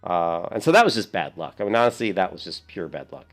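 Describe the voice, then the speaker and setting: Man, streamer, low voice, rambling animated storytelling, casual game commentary. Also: fast, soft background music.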